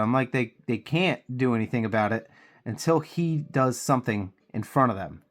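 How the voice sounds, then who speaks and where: A man's voice: medium pitch, fairly quick. A man with a cold, venting heatedly and profanely while he paints miniatures on his channel. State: congested with a cold.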